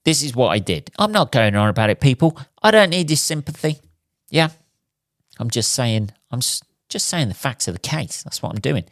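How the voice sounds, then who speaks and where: A man's voice: medium pitch, very animated, moderate pace, no room sound, clean studio sound. A man hosting a solo podcast, talking in a sweary, rambling comic rant. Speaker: podcast host. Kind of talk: casual solo podcast monologue.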